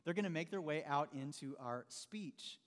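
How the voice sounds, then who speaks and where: A middle-aged man delivers a sermon in a high, bright-sounding voice, talking to the congregation like friends. His words ring out with a long reverb from a large church hall. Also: normal speed. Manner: conversational, animated, calls listeners "man". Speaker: pastor.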